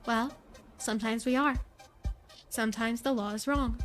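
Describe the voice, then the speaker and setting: A woman's voice: a little high, steady tone, normal speed, faint music behind. A woman streamer reading a visual novel's dialogue aloud, voicing every character in a near-plain voice and adding brief asides.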